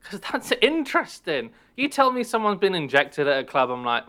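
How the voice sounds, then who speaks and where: A man chats on a casual podcast with a bright, clear voice. He teases the others in a wry, playful way. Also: sits high, sing-song, normal speed. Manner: teasing, wry. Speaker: podcast co-host. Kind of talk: casual chat.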